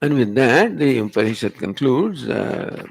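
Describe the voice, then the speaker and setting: A man's voice: medium pitch, big pitch swings, measured pace, creaky, no echo. A male spiritual teacher, giving a Vedanta discourse and pressing the listener with rhetorical questions. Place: retreat hall.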